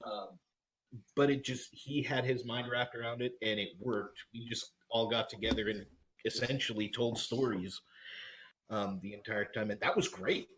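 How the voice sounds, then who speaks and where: Player guy on a call, rambly, repeats himself, lowish voice. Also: steady tone, moderate pace, a bit bright, slight background noise, poor audio. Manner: rambling, restarts phrases. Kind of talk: casual chat after a tabletop game. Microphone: video call.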